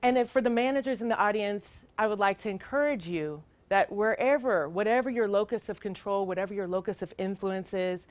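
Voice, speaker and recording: A woman's voice: mid-range voice, brisk, hardly any pauses, no echo. A middle-aged woman, a child welfare worker, giving an earnest, emphatic training talk with rhetorical questions.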